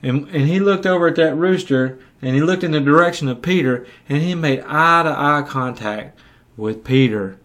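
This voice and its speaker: A man's voice: on the high side, moderate pace, fairly bright tone. A male preacher retelling scripture in a sermon, speaking conversationally and often repeating words as he goes.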